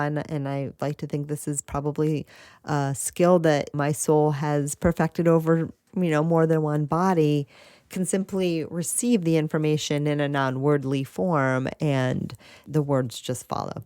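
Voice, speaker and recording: A woman hosting a spiritual podcast, talking casually with lively asides and frequent laughs. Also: sits low, dry recording, clean studio sound. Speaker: podcast host.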